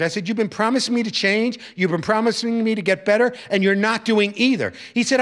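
A man's voice: high voice, brisk. A man telling a personal story from his teaching life to an audience, acting out the voices of the people in it. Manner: animated, acting out quoted voices.

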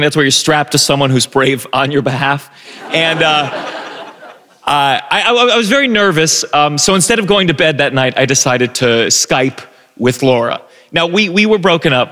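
A man telling a self-deprecating personal story on a live stage, animated, with stumbling restarts. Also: fairly high pitch, long reverb tail. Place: live stage before an audience.

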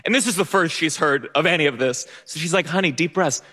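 Speaking quickly in a fairly high, pushed and bright voice with lively intonation, a young man nervously recounts a personal story on stage. He mocks himself, restarts many times and laughs, and the audio has a long stage reverb.

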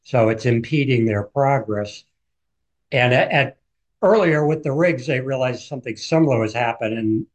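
A man speaking as an author on a radio interview. He retells events in a vivid, storytelling way at a middle pitch. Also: animated, normal speed.

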